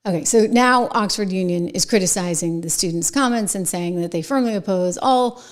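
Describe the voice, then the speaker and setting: A middle-aged woman hosting a political commentary show, indignant, swinging from loud outbursts to hushed whispers. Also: medium pitch, moderate pace.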